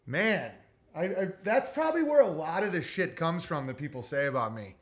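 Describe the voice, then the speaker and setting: A man's voice: a little high, very animated, normal speed. A man hosting a livestream, reading viewer messages in a rambling, profane, casual way. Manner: rambling, profane, talks to his dog. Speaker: livestream host reading super chats.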